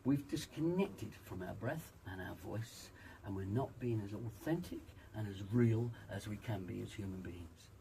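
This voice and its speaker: A man's voice: lowish voice, measured pace, creaky, warm tone, far from the mic, slight background noise, rough recording. A man working as a vocal coach, speaking emphatically in an interview and demonstrating vocal sounds. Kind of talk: interview, teaching voice exercises.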